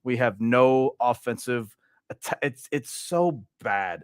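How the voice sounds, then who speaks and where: Man, exasperated football fan rant, mid-pitched voice, repeats himself, dry sound. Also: takes it slowly, clean tone, no room sound. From Louisiana. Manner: exasperated, repetitive, trails off. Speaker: fan channel host. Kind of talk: frustrated football fan monologue.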